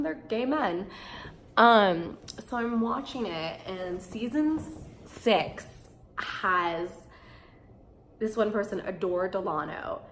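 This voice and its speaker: Animated young woman vlogging in an echoey room. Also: medium pitch, slight background noise. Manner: animated and candid, swears freely, laughs often. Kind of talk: casual chat to camera. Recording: roomy echo.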